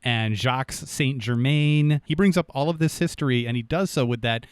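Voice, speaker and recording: A man's voice: mid-range voice, normal speed, clear, resonant tone, no room sound, studio quality. A man co-hosting a podcast, bantering in a playful, upbeat and jokey way. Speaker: podcast co-host.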